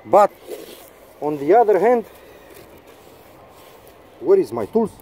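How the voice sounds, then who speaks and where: A man's voice: sits high, big pitch swings, slow, long pauses, dark tone. A man, an English speaker ranting in a mocking, sarcastic vlog and swearing often. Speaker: vlogger.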